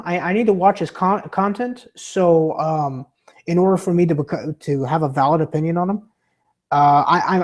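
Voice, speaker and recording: Rambling young man streaming with a sore throat. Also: a little mellow. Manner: rambling, stammering, with many restarts; pitch fluctuates, drifting into a bouncy entertainer's voice. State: sore throat from being sick. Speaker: livestreamer. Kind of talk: casual chat reading viewer comments.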